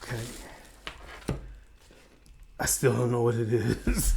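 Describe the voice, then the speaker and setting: A man's voice: medium pitch, slow, gravelly, long pauses, background noise. A man chatting casually as he unboxes and reviews a fidget toy, rambling with playful asides. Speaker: product reviewer.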